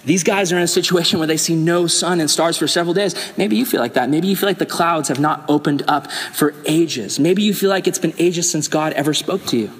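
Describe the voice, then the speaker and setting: A young man preaching a youth sermon, telling stories and acting out voices in lively bursts. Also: fairly high pitch, brisk, few pauses. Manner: animated storytelling, acts out quoted voices. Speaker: youth pastor. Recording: hall with long reverb.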